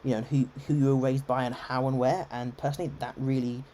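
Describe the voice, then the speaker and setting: A man's voice: mid-range voice, level tone, quick pace, mellow, a little hiss or hum. A man with an English received-pronunciation accent, giving chatty live gameplay commentary full of ums and restarts. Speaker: game streamer.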